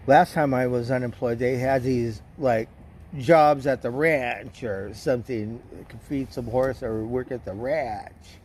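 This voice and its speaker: A man's voice: mid-range voice, a little slow, a little mellow, a little hiss or hum. A man casually chatting with his stream viewers, telling rambling, profane stories. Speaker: livestream host.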